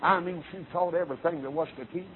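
A man's voice: on the high side, steady tone, quick pace. Man preaching a fervent revival sermon, lo-fi recording with faint hiss. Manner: fervent, rising to shouts with many uh fillers. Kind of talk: Southern revival sermon storytelling. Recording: tinny lo-fi phone-like sermon recording.

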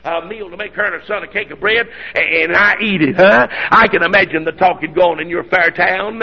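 A man preaching a revival sermon, telling Bible stories in a folksy way with many "uh"s and shouted climaxes. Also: sits high, brisk, vocal fry, hardly any pauses. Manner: folksy storytelling preacher, frequent "uh", shouting peaks. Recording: dull lo-fi radio broadcast.

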